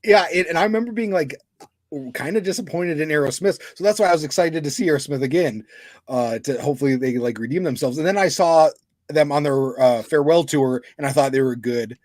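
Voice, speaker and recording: Man, podcast co-host, relaxed storyteller, fairly high voice, dry sound. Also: fairly quick, no echo. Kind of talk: casual chat.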